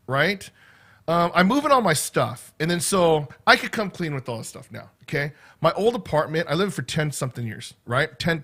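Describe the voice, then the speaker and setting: Middle-aged guy vlogging, kinda high voice, rambles on and keeps asking right? okay?. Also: a bit bright. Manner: rambling, chatty, full of "right?" and "okay?" asides. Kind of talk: casual rambling chat to camera.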